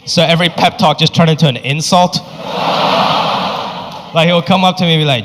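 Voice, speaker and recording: Male stand-up comic, high-pitched, punchy anecdotal delivery, reverberant noisy venue. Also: fairly quick, pauses often. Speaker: stand-up comedian. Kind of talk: stand-up comedy storytelling. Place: comedy stage. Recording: reverberant venue with background noise.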